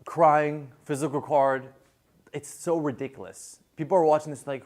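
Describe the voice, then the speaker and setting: A man's voice: medium pitch, fast, a little mellow. A man giving a casual classroom lecture on viral video, chatty, with many fillers and restarts.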